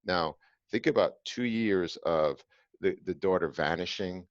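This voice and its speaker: A man's voice: low voice, measured pace, dry recording, highs cut off. A man hosting a podcast, telling a personal story to his co-host in an earnest, emphatic way with filler "uh"s.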